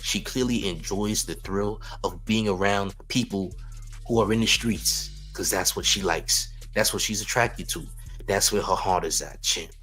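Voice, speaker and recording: A man's voice: lowish voice, unhurried, fairly bright tone, faint music behind. A man hosting a hip-hop news stream, talking sarcastically with frequent chuckles. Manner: sarcastic, chuckling, calls viewers "champ". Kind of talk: live-stream commentary.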